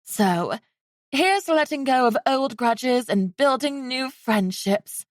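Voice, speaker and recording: A woman voicing a sheltered young princess who talks in a high, eager, breathless way. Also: lively intonation, slow, no room sound, studio quality.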